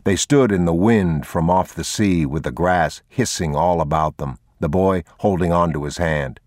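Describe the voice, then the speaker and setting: Deep-voiced male audiobook narrator. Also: no room sound, clean studio sound. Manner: measured, unhurried, even delivery.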